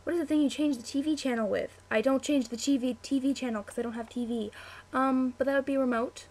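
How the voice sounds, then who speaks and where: A woman's voice: high voice, steady tone, fast, darkish tone. A chatty young woman, answering a word-list meme on webcam, easily distracted and full of "like" and "um". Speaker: vlogger.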